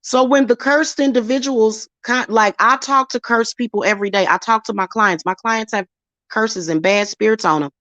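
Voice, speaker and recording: A woman's voice: a little high, normal speed, fairly bright tone, no echo, lo-fi sound. A woman, talking bluntly and emphatically as host of her own spiritual channel. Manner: blunt, emphatic, slips into acted quotes. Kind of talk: casual chat to camera.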